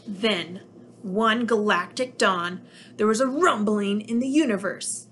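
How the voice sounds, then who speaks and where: A preschool teacher reads a picture book aloud to young children, telling the story with plenty of expression. Her voice sits at a middle pitch. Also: slow, a bit bright, slight background noise.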